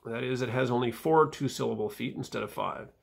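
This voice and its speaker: A man reading his own footnotes aloud in a casual vlog, dry and wry, with fillers and soft mumbled asides. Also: mid-range voice, brisk, vocal fry, slightly rough.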